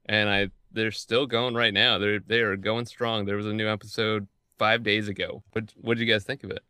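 A man's voice: lowish voice, flat delivery, normal speed, pushed and bright, clean tone, dry recording, studio quality. A man co-hosting a podcast, chatting easygoing and casual. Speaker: podcast co-host. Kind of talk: casual chat.

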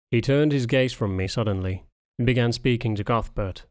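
A man narrating a first-person audiobook in a measured, wry storytelling manner. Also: lowish voice, fairly even intonation, no room sound, studio quality.

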